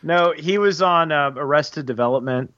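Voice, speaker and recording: A man's voice: on the high side, a bit bright, no room sound. Rambling man, dull dry audio. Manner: halting, filler-heavy, explanatory. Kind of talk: casual film discussion.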